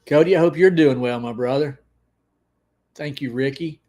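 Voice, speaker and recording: Male livestream host, slightly high voice, casual, excitable, greets chat by name. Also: moderate pace.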